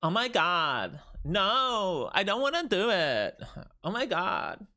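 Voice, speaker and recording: A shrill, whiny young valley girl squeals her complaints in a voice pushed far above its natural register, as a man puts her on. She sounds spoiled and dramatic, drawing out every gripe in a sing-song whine. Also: wildly swooping pitch, takes it slowly, pushed and bright, exaggerated voice. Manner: exaggerated high-pitched whine. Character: whiny young female valley girl voicing a stock index.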